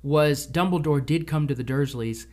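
A man co-hosting a casual film discussion podcast, chatty and retelling scenes with quick impressions. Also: a little high, darkish tone. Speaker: podcast co-host.

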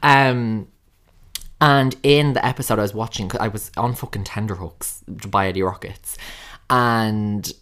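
A man's voice: on the low side, measured pace, fairly bright tone. A young man co-hosting a podcast, chatting and gossiping with lots of swearing. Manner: gossipy, swears a lot, mimics people in quotes. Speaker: podcast co-host. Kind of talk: casual chat.

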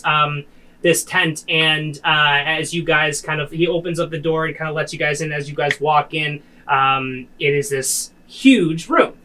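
A man's voice: on the high side, steady tone, normal speed, bright, forceful tone, rough recording. A man narrating a tabletop game as game master, casual and loose with many fillers.

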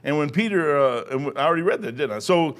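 A middle-aged man delivers a sermon in a high voice. He drifts off the passage into joking stories from his own life, then circles back to the scripture. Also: expressive, fast talker, fairly bright tone. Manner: rambling, jokey asides. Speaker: preacher.

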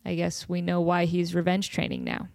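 A woman hosting a podcast, telling a funny story in a casual, animated way and laughing often. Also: fairly low pitch, moderate pace, creaky. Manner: giggly, animated, laughs often mid-sentence. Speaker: podcast host.

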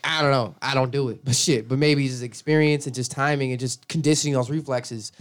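A man's voice: mid-range voice, fairly even intonation, a little fast. A young man hosting a podcast, chatting casually in a rambling, laid-back way with casual swearing. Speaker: podcast host. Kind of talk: casual chat.

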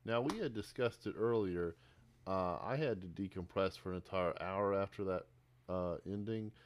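A man with a very low voice in relaxed podcast conversation. He speaks hesitantly and fills his pauses with "uh.". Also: a little hiss or hum. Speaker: podcast co-host. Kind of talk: casual film discussion.

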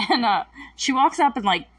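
A woman's voice: on the high side, no room sound, recorded from a distance, poor audio. A woman casually recapping a TV episode, laughing often and acting out the characters' lines. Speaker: recap host.

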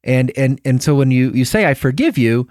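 A middle-aged man talks in a lively, animated way, his pitch swinging widely as he makes his points. He often restarts and repeats words mid-sentence. The recording is dry and close. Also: brisk, no room sound. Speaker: podcast co-host. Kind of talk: casual conversation.

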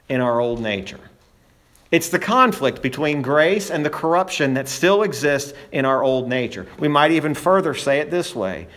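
A man's voice: fairly high pitch, a bit bright. A man preaching a sermon as pastor in a church, earnest, building emphasis and often restarting his phrases.

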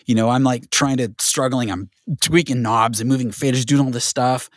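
A man telling a studio story as an interview guest, animated and full of restarts and fillers. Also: mid-range voice, normal speed, no room sound. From Southern California. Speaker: guest, record producer.

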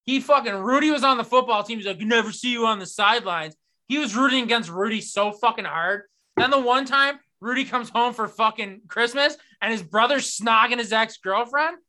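A man hosting a casual podcast, telling stories with lots of profanity and animated retellings. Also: extremely high pitch, moderate pace. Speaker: podcast host. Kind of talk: casual sports podcast chat.

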